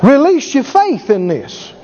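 A man preaching a sermon with emphatic delivery, acting out quoted voices and rising to shouts. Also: very high-pitched, very animated, a little slow. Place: large church hall. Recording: lo-fi hall recording with audience. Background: congregation.

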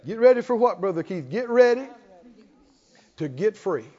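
A man preaching a sermon as pastor, leading the congregation in call-and-response and building to emphatic shouts. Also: high voice, sing-song, normal speed, crowd noise. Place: church sanctuary. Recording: reverberant hall, dull lo-fi sound.

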